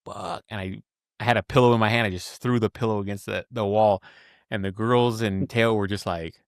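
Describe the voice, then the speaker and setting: Animated man in his forties, low voice. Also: fairly quick, clean tone, no room sound, studio quality. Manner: animated storytelling, says "bro" often. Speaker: podcast host. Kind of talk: casual chat.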